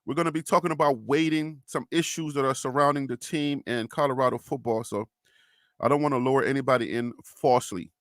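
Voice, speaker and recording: A man's voice: mid-range voice, steady tone, brisk, a bit bright, no room sound, clean studio sound. A young man hosting a casual sports live stream, chatting loosely and reading viewer comments aloud with frequent laughs.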